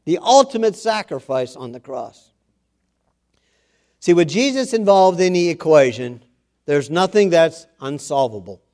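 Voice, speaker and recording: A man delivering a sermon at an unhurried, drawn-out pace. His voice sits a little higher than most men's, and he builds from quiet, earnest teaching into raised, forceful exhortation. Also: sing-song. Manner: earnest preaching, swelling louder and higher when exhorting; self-deprecating asides. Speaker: preacher.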